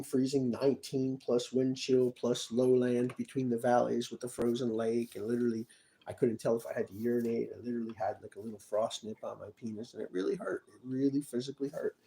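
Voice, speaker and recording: A man vlogging a rambling personal monologue, talking to the viewer with many asides and often dropping to a quiet mutter. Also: medium pitch, rough recording.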